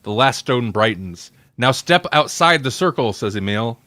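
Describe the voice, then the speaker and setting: A man co-hosting a podcast, reading a gamebook aloud in a lively way and stumbling over words. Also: medium pitch, normal speed, no room sound.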